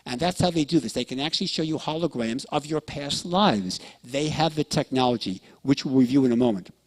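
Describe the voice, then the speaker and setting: A man lectures an audience with a fairly high, animated voice, speaking fairly quickly with some vocal fry. He tells stories, acts out quoted dialogue, and frequently checks in with his listeners.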